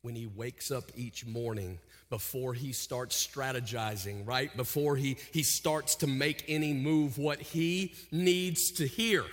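A man preaching a sermon, dropping to hushed, intimate lows and rising to loud pleading cries. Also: slow, hardly any pauses, big-room sound. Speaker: pastor.

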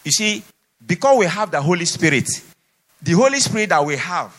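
A man's voice: high voice, big pitch swings, moderate pace, a bit bright. Man preaching in an echoing hall. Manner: emphatic, repetitive exhortation. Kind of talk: sermon. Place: church hall. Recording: long hall reverb.

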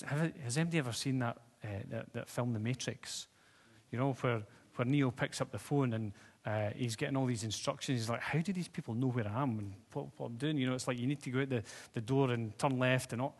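A man's voice: medium pitch, a little fast. Preacher man in an echoing church hall. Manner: conversational, asks the congregation questions. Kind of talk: sermon. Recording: long reverb of a church hall.

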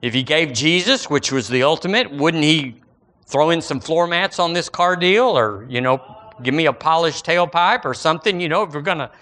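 A man preaching a sermon in a folksy, animated way, full of everyday analogies. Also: on the high side, moderate pace.

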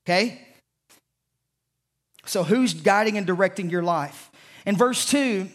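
A man from the American South with a Southern accent, preaching an impassioned sermon as pastor to a congregation, swinging from loud declarations to hushed lines. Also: sits high. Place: church sanctuary with a congregation.

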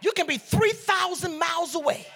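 A woman from Detroit preaching a sermon with call-and-response, swinging from soft teaching to shouted exhortation. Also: very high-pitched, moderate pace. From Detroit, USA. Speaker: preacher and beauty coach. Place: church service.

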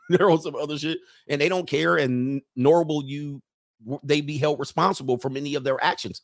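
A man's voice: fairly high pitch, animated, brisk, no room sound, clean studio sound. A man, a coach hosting a podcast livestream, talking in a blunt, crude and preachy way while he reads chat comments.

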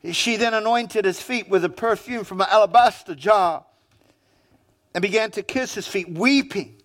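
A man's voice: high voice, moderate pace, fairly bright tone. A male pastor with a New Zealand accent, preaching a sermon in a conversational storytelling manner and acting out quoted lines.

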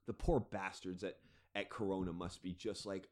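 A male podcast host delivers a solo rant in a fairly low voice. He is blunt and swears freely as he talks. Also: fairly even intonation, moderate pace, darkish tone. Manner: profane, blunt and ranting.

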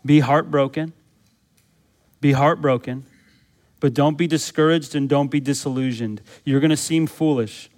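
A man's voice: fairly high pitch, steady tone, normal speed, darkish tone. Man preaching with emphatic rhetorical questions. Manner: repeats phrases for emphasis. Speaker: pastor. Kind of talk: sermon.

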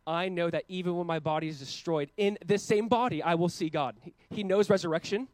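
A man in his thirties preaching a sermon as a pastor, earnest, with loud emphatic peaks and quiet, slowed passages. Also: high-pitched, no room sound, low-quality recording.

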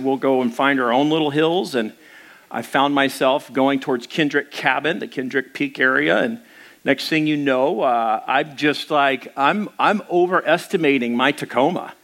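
A man's voice: medium pitch, a bit bright. A man who is a pastor, telling stories in a casual, rambling sermon with many fillers. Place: church.

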